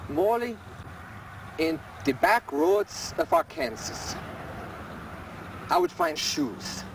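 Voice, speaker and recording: A man's voice: high voice, sing-song, takes it slowly, creaky, heavily acted. A man playing a pompous cabbage magnate, fake German accent. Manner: pompous, self-important, prone to panic. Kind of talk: 1970s amateur mockumentary acting. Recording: distant, noisy 1970s field recording.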